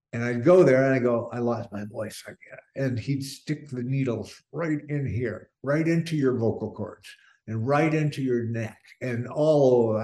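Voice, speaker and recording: An older man talking casually about his singing life, with a voice of middling pitch. He rambles and restarts his sentences, and he gets animated when he tells a story. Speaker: singer being interviewed. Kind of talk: casual interview chat.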